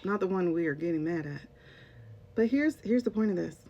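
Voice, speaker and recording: In an expressive, mellow voice and at a slightly quick pace, a onetime English teacher vlogs casual commentary straight to her audience. Sarcasm and emphasis mark her delivery, and the lo-fi audio is dull with a low rumble.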